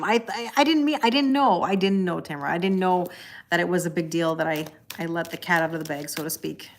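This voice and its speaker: A woman's voice: mid-range voice, slight background noise. A middle-aged woman hosting a casual livestream, chatting to viewers and reading their comments aloud, laughing often and repeating her phrases. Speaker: tarot reader livestream host.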